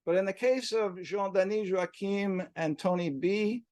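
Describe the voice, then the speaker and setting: A man's voice: high voice, unhurried, a little mellow, no room sound. A man introducing poets at a reading, chatting with asides and self-corrections, then reading quoted lines of poetry aloud. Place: poetry bookshop reading, hybrid video call.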